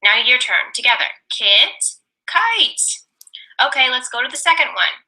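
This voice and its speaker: Young woman teacher, bright, slightly high voice, slow deliberate phonics drills. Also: sing-song, low-quality recording. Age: young adult. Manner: sounds words out slowly and repeats them for a student. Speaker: teacher demonstrating a reading lesson.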